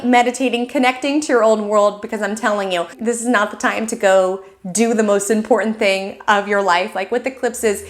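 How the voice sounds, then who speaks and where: A woman with a fairly high voice gives her weekly astrology forecast. She keeps it chatty, peppering her talk with "like" and "right?". She slips into quick quoted inner voices to make her points. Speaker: astrologer host.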